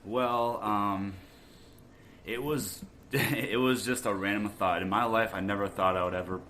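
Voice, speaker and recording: Man, very low voice, bright edge, hesitant, rambling, casual podcast guest. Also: steady tone, a little slow, a little hiss or hum. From Florida. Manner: rambling and hesitant, full of ums. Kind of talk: casual chat.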